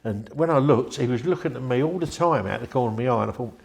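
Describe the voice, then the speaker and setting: A man's voice: mid-range voice, fast, vocal fry. An older man, telling a rambling, chatty story in an interview and acting out the voices of the people in it. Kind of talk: anecdotal storytelling.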